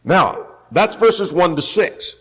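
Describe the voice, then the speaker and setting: A man's voice: high voice, lively intonation, takes it slowly, fairly bright tone, husky. A man teaching a Bible class, emphatic, repeating key phrases and putting questions to the class.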